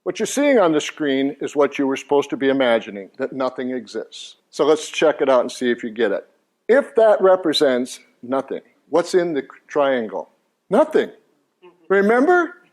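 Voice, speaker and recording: A man's voice: high-pitched, darkish tone. An older man presenting a Christian teaching course to a live church audience, joking and asking the crowd questions as he goes. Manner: jovial, engaging the audience with questions and jokes. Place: church meeting room before an audience.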